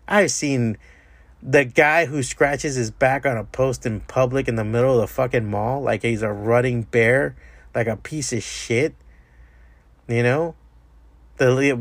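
A man's voice: medium pitch, dry recording. A man hosting a solo podcast, delivering a profane, exasperated rant. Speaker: podcast host. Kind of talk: ranting solo podcast monologue.

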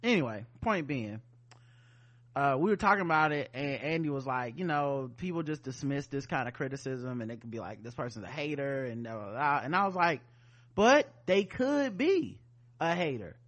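A man hosting a podcast, talking casually in an animated, rambling way, full of asides and fillers. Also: mid-range voice, a little fast. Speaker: podcast host. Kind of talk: casual chat.

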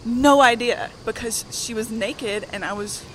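A soft-spoken woman with a Southern accent telling a story while walking on a gym treadmill. She is out of breath and laughs between sentences. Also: on the high side, measured pace, low-quality recording. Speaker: guest. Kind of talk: casual storytelling. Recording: loud gym noise behind.

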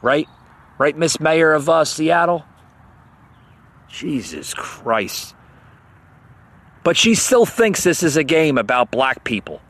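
A man's voice: fairly high pitch, lively intonation, normal speed, fairly bright tone. Heated, stammering man ranting. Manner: agitated, repeats words and stammers, sarcastic. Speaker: podcast host. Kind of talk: heated political rant.

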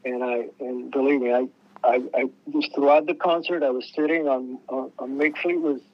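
In a casual storytelling interview, a male musician with a mid-range, steady voice talks at normal speed. He rambles, restarts a lot, and performs the voices he quotes, on a recording with the highs cut off.

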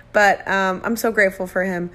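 A woman's voice: mid-range voice, fairly bright tone. A middle-aged woman hosting her own podcast, talking in a heartfelt, emotional way with bits of self-deprecating humor. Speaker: podcast host. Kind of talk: personal podcast monologue.

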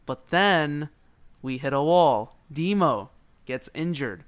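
A man co-hosting a casual sports podcast, excitable and rambling, laughing often. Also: fairly high pitch, slow pace. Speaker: podcast co-host.

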